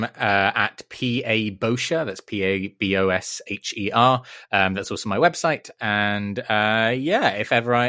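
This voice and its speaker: A man's voice: mid-range voice, bright, forceful tone, dry recording, studio quality. A man who is a voice actor, guest on a casual podcast, bantering playfully and joking at his own expense. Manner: playful, self-mocking banter.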